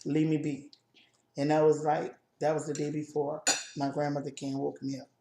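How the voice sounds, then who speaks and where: A woman co-hosting a casual chat video, telling a personal family story in a halting, emotional way with many restarts. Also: low-pitched, little pitch movement, gravelly, reverberant, background noise. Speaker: co-host.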